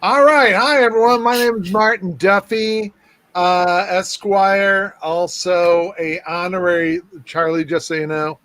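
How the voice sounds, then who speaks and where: Brief: male co-host, joker, self-mocking patter, high voice. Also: fairly even intonation, unhurried, a bit bright, no room sound. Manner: playful, teasing, self-mocking. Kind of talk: joking live-stream banter.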